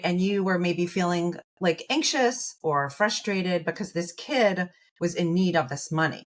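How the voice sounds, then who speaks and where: A middle-aged woman, a therapist on a podcast, coaching a guest warmly and emphatically, with many "right?" asides. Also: lowish voice. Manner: warm, encouraging, emphatic with fillers. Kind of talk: coaching conversation.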